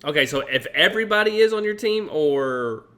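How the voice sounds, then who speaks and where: A man's voice: on the high side, lively intonation, a little fast, bright, forceful tone. A man in casual podcast chat who keeps asking questions and swears offhandedly. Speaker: podcast co-host.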